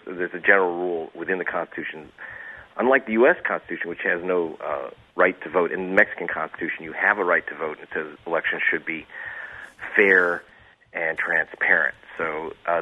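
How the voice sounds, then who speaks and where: A low-voiced man calls in to a radio show as a reporter guest. He rambles through sarcastic asides and frequent restarts. His voice comes through a thin, tinny phone line. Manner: sarcastic, digressive, many restarts.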